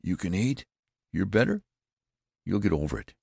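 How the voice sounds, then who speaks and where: A man voicing an older frontier plainsman, blunt and plain-spoken, with anxious haste in his quick words. The voice is very deep and gravelly, recorded dry and close for an audiobook. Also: expressive, darkish tone, dry recording, full character voice. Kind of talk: audiobook character voice.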